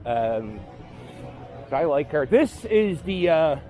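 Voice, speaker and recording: A man's voice: on the high side, sing-song, slow, warm tone. A man giving a casual walking-tour vlog outdoors on a city street, rambling and correcting himself as he goes. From Philadelphia area. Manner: rambling, self-correcting, offhand. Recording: faint street noise outdoors.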